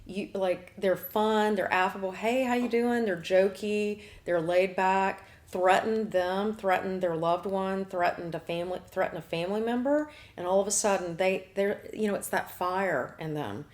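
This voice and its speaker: Chatty woman astrologer host, mid-pitched. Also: steady tone, moderate pace, few pauses. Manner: chatty, laughing, blunt asides. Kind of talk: casual talk show chat.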